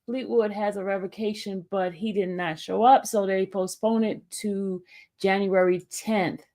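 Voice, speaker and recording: Slow-talking woman on a livestream, gravelly voice, lots of ums and restarts. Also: medium pitch. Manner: halting, many fillers and restarts; gushing and excited when greeting a viewer. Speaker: YouTube livestream host. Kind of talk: casual livestream commentary.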